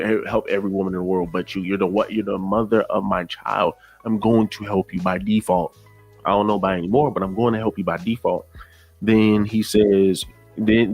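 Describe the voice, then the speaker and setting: A man's voice: on the low side, a little mellow, slightly rough. A man streaming a casual reaction commentary, exasperated and repeating himself as he talks to his viewers.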